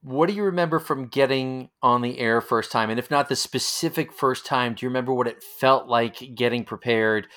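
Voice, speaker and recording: A man's voice: mid-range voice, normal speed, hardly any pauses, a bit bright. A man with a New York accent interviewing a former colleague, asking questions in a conversational, thinking-aloud way. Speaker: interviewer, radio station alumnus.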